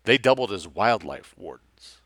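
Expressive low-voiced man narrating. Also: normal speed, no echo. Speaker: audiobook narrator. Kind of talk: scripted narration.

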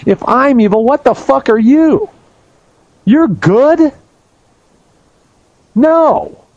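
A male talk-radio host who speaks in an angry, profane, shouting rant. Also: very high-pitched, lively intonation, drawn-out words, no room sound, lo-fi sound.

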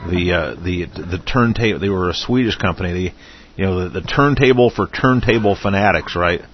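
A man's voice: low-pitched, fairly quick, slight background noise. A man with a weak, still-recovering voice, chatting as co-host on an internet radio show and stumbling over his words as he rambles. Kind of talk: casual internet radio chat. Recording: dull lo-fi call audio.

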